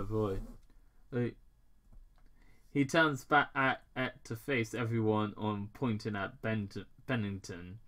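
Slow, halting man reading aloud. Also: lowish voice, fairly bright tone. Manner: halting, stumbles and restarts over words while reading. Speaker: reader of fan fiction. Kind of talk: casual reading aloud with commentary.

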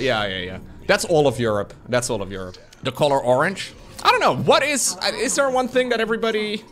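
A man's voice: mid-range voice, fairly bright tone, a little hiss or hum. A man from the Netherlands, a streamer joking sarcastically with his chat. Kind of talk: casual chat with viewers.

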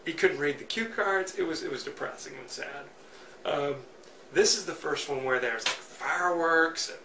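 A man's voice: a little high, normal speed. A man hosting a solo podcast, giving chatty, joking, opinionated movie commentary. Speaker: podcast host. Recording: roomy, distant mic, faint noise.

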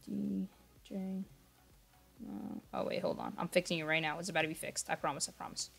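Slightly high and rather quick, his voice is creaky with a bit of roughness. He's a young man streaming a game, talking to his audience in a scattered, absent-minded way and apologizing frequently. He occasionally goes quiet to limit the noise.

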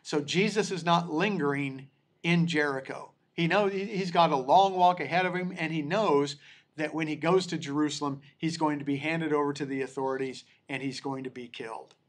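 A man leading a Bible study class, reading scripture aloud and then breaking in to explain it in a slow, deliberate way with frequent restarts. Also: a little high, steady tone. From United States.

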